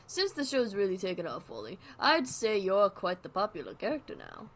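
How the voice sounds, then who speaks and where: A woman's voice: mid-range voice, huge pitch swings, moderate pace. Woman reading as an upbeat male TV interviewer, light and chipper. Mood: cheery. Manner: upbeat scripted hosting.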